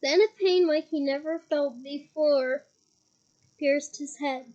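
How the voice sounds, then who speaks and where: Young woman with a head cold reading a novel aloud, high, mellow voice, dramatic storytelling. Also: slow, highs cut off. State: head cold, occasional coughing. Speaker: reader.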